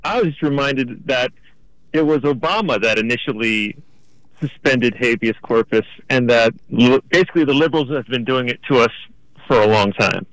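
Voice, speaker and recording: A man's voice: medium pitch, moderate pace, fairly bright tone, dry recording, poor audio. A man calling in to a radio show, talking emphatically about politics. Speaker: caller.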